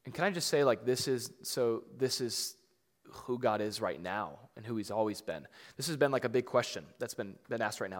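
Conversational preacher in a reverberant hall. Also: male voice, medium pitch, animated, fairly quick. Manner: conversational preaching, filler-heavy and emphatic. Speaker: pastor. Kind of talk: sermon.

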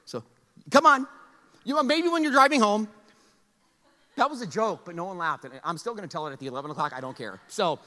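A man preaching a sermon as a pastor, conversational and animated, moving between loud exhortation and hushed intensity. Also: sits high, brisk, pauses often. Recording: long hall reverb.

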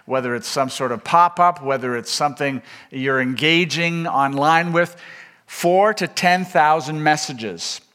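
Earnest bright-voiced man preaching. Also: on the high side. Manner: earnest, emphatic, with frequent filler words and restarts. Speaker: visiting seminary speaker. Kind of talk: chapel sermon.

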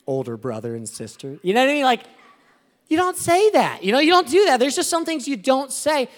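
A man preaching a sermon as a pastor, animated and swelling to emphatic exclamations. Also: very high-pitched, fairly quick.

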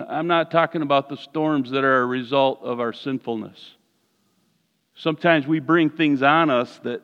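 A man preaching a sermon as pastor, animated, swinging from hushed lines to loud ones. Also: medium pitch, clean tone, lo-fi sound. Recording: reverberant hall.

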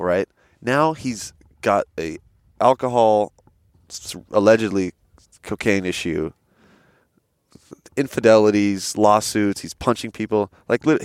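A young male podcast co-host chats casually on a headset mic, spinning animated stories full of swearing and acted-out quotes. His voice is lowish and smooth, and the studio-quality recording has no room sound.

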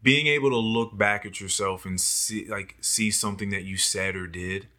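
A man chatting casually on a podcast, lively and self-mocking, often acting out his own past thoughts. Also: lowish voice, normal speed. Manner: animated, acts out his own past thoughts in quoted voices, laughs often. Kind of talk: casual chat.

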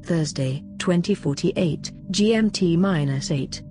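Female announcer, slow, low, mellow, formal, chapter headings. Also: soft background music. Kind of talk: reading chapter headings and epigraph.

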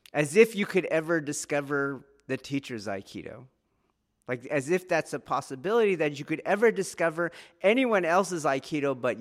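A man teaching martial arts in a spoken talk, earnest and questioning, repeating key phrases for emphasis. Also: on the high side. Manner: asks the listener rhetorical questions.

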